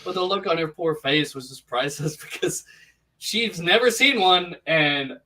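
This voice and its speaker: A man's voice: fairly high pitch, animated, moderate pace, background noise. A man co-hosting a casual podcast chat, laughing often and stumbling over his words. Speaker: podcast co-host. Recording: distant mic.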